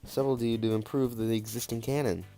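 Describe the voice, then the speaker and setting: A man's voice: mid-range voice, fairly even intonation, fairly quick, dark tone, soft background music, close to an everyday voice. A man voicing a prim, haughty young monster woman in a video game, speaking in a prissy, proper way.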